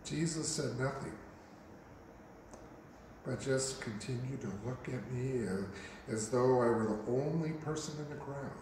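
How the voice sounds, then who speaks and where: A male pastor preaching a first-person dramatic monologue sermon, telling the story in character with an expressive, unhurried manner. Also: mid-range voice. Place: church sanctuary. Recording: very echoey church hall, faint hiss.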